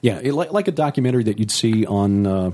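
A man co-hosting a casual podcast chat, speaking in a measured, hesitant way with frequent pauses. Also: on the low side, expressive, mellow. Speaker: podcast co-host.

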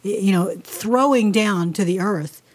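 A woman with a medium-pitched voice co-hosting a casual chat. She jokes and laughs easily, then settles into long explanations. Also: measured pace. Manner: laughing, playful, explains at length. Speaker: co-host.

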